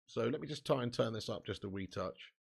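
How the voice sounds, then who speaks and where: A man's voice: mid-range voice, expressive, a little fast, vocal fry, slightly rough. A man hosting a live football watch-along from a room at home, chatting and reading out viewer comments. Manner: chatty, reads out chat comments.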